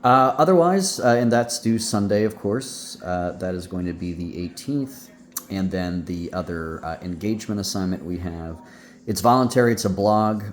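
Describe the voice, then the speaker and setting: A man's voice: deep voice, moderate pace. A male teacher giving a recorded class lecture, rambling with many fillers and restarts. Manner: hums out rhythms with "ba ba".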